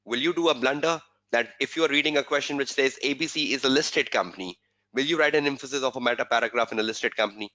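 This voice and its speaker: A man's voice: medium pitch, fast, pushed and bright. A male exam tutor giving a webinar lecture, repeating key points and quizzing students with rhetorical questions. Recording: dull lo-fi webinar audio.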